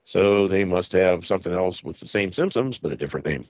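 A man's voice: low-pitched, animated, a little fast, darkish tone, dry recording, dull audio. A man hosting a show, reading news items aloud and breaking in with mocking, chuckling asides. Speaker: podcast host.

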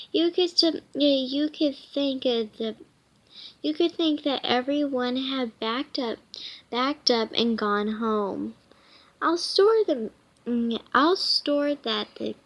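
Woman reading a kids' book aloud, slow and high-pitched, often restarting. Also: fairly bright tone. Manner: halting, many false starts and self-corrections. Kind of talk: reading a children's novel aloud.

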